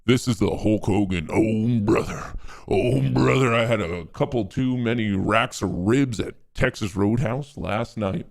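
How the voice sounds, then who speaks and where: A man doing a wrestler impression through a voice changer, with a gravelly drawling delivery. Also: on the low side, a little slow. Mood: boastful. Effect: voice changer preset.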